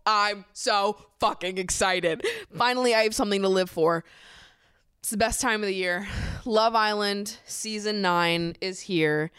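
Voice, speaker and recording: A woman's voice: medium pitch, a little slow, a bit bright, clear, resonant tone, dry recording, studio quality. Bubbly young woman podcast host. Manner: bubbly, gushing, laughs often. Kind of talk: casual podcast chat.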